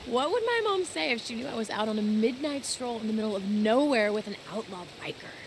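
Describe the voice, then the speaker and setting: A woman's voice: a little high, lively intonation, a little fast, background noise. An actress playing a young woman scientist in a video game, wry and teasing, with a dry, easily amused manner. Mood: playful. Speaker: game character. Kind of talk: video game dialogue acting.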